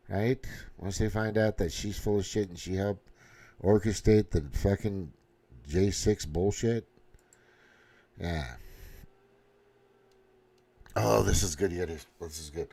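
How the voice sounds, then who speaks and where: Crude ranting man with a low voice. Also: a little slow, pauses often, dark tone. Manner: crude, sarcastic ranting with heavy swearing. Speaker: commentary host. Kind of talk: casual reaction commentary.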